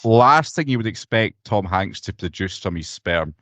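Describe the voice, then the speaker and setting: Low-voiced scottish guy ranting and swearing on a video call, dry sound. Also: normal speed, dry recording. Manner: sweary, blunt, animated ranting. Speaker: podcast co-host. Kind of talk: casual chat.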